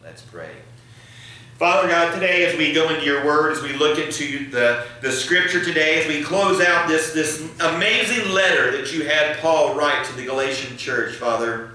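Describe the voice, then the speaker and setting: A man's voice: on the high side, moderate pace, bright, forceful tone. A man preaching a sermon as pastor, building emphasis and leading prayer. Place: church sanctuary. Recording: echoey church hall, mic at a distance.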